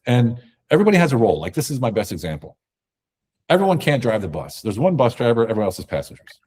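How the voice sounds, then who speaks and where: A man guest in a conversational interview, talking emphatically and telling animated stories. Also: medium pitch, fast talker, breathy edge. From America. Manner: emphatic, animated storytelling with acted quotes.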